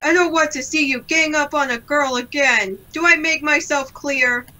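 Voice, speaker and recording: A woman's voice: sits high, normal speed, sharp tone, voice pushed up. A woman voicing a huge, stern man who scolds a gang of boys in a game. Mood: scolding. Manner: firm, scolding. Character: huge stern adult man, a commanding mage.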